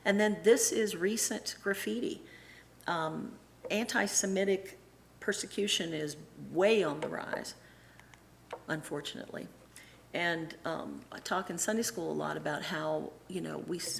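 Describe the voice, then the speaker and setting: A middle-aged woman giving a casual, animated church talk, acting out the voices of people she quotes and often restarting her sentences. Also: fairly low pitch, gravelly, slight background noise. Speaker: church presenter and Sunday school teacher.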